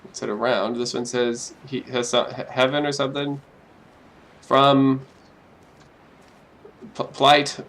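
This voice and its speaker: A man's voice: mid-range voice, completely flat delivery, slow pace, pauses often, fairly bright tone. A young man joking his way through a game as let's play commentary, talking to himself with mock drama. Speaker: gaming YouTuber.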